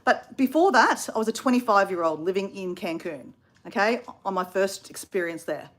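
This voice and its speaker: A woman's voice: medium pitch, expressive, normal speed, fairly bright tone. An Australian woman in her fifties telling a travel story in a chatty way, full of asides to viewers. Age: 50s.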